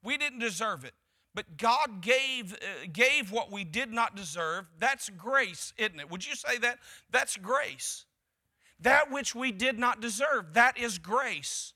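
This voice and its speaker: A man's voice: high voice, expressive, slow, pushed and bright. A man preaching a sermon to his church, building emphasis through repeated phrases. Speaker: pastor.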